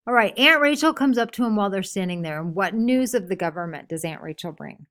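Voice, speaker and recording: A woman teacher guides a class discussion of a novel. She reads short passages aloud, explains them, and keeps asking the students questions. Her voice sits at an ordinary middle pitch. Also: expressive, fairly bright tone. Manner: asks many questions, pausing for answers.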